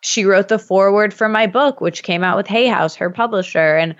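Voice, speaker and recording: A woman in her thirties from Michigan, USA, speaks briskly in a mid-range voice as a podcast guest. The conversation is casual, and she tells rambling stories loaded with fillers over slightly muffled audio.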